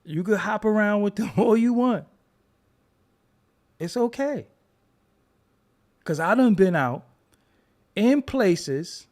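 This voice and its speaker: A man hosting his own show, talking in a joking, rambling commentary style. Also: high voice. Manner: animated, joking, rambling storyteller. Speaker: show host. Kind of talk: casual commentary monologue.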